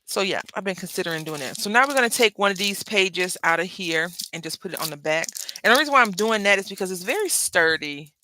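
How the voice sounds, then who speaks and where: A woman's voice: fairly low pitch, lively intonation, fast, hardly any pauses, bright, forceful tone, slight background noise. A woman hosting a crafting tutorial, chatting casually and rambling into asides to her viewers as she works. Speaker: crafting channel host.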